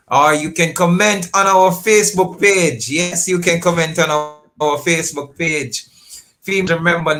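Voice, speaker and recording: A man with a Jamaican accent hosting a radio talk show, upbeat and lively, dropping in patois phrases. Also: mid-range voice. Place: radio studio.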